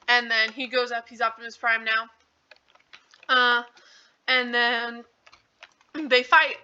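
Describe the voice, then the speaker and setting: A woman with a high, very bright voice talks through a movie recap, rambling from one point to the next. She leans heavily on fillers and "like". The recording is dull and lo-fi. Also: little pitch movement, slow pace, long pauses, clear, resonant tone. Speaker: channel host.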